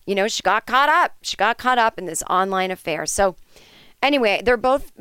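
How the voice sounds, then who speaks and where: A woman's voice: medium pitch, expressive, moderate pace, pushed and bright, clean tone, dry recording. A woman hosting a podcast, telling an improvised comic story in a rambling, chatty way with lots of fillers and asides. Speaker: podcast host.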